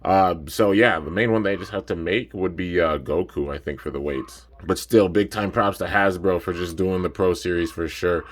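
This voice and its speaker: A man's voice: low voice, moderate pace, few pauses. A young man doing a casual unboxing review, laid-back and rambling, filling his talk with "man" and "like," a bit sleepy. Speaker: toy reviewer.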